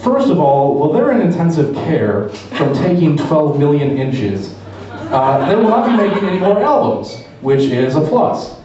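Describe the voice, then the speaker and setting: A man's voice: fairly high pitch, big pitch swings, moderate pace, crowd noise. A man doing a stand-up routine on a club stage, telling a story with lots of swearing. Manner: profane storytelling. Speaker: stand-up comedian. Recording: echoey, dull live club from far.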